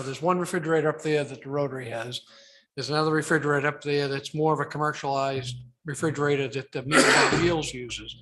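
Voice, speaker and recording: Department head at a town meeting; flat, hesitant man, light room noise. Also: fairly high pitch. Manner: halting, many fillers and restarts. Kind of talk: public meeting discussion.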